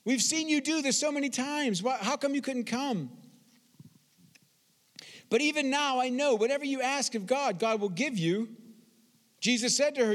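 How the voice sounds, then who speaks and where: A man preaching a sermon, expressive, reading scripture slowly and with emphasis. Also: extremely high pitch, long reverb tail. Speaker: pastor.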